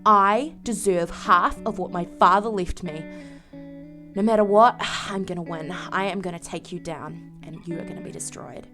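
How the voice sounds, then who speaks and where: A woman's voice: on the low side, normal speed, music in the background, pitched below the performer's own voice, close to an everyday voice. A woman voicing a distraught young woman who is grieving and turning defiant as she narrates a life-sim game story. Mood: vengeful.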